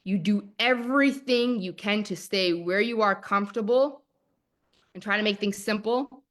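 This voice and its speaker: Excited, emphatic woman coaching. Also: mid-range voice, normal speed. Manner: excited, emphatic, repeats phrases. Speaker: manifestation coach. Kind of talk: motivational masterclass talk.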